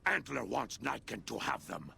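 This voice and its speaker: An actor playing a hulking male nightkin mutant in a video game, gravelly and deep, who speaks of himself in the third person in slow, heavy phrases. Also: big pitch swings, sharp tone, slight background noise, heavily acted. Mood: menacing.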